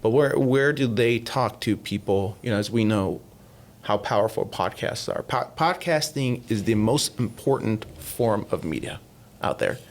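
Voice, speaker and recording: Male podcast guest, low-pitched, chatty storyteller who quotes people in voices. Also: unhurried. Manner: animated, retells talks in quoted voices, many fillers. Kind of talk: casual storytelling interview.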